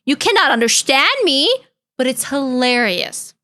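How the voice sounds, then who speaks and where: High bright-voiced young woman streamer. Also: expressive, measured pace. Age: young adult. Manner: chatty, caring, playful. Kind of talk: casual reaction-stream chat.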